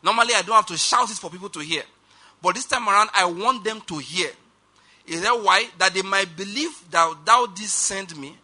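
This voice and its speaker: Bright high-voiced male preacher. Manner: emphatic, slows down for quoted scripture; rushed asides, calls on congregation to repeat. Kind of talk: sermon.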